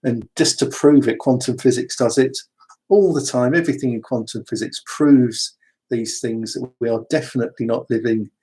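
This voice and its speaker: A man talks about the spirit in a loose, rambling way and wanders into asides. His voice is mellow and a little husky. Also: mid-range voice, fairly even intonation, moderate pace. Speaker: spiritual speaker. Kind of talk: casual spiritual talk.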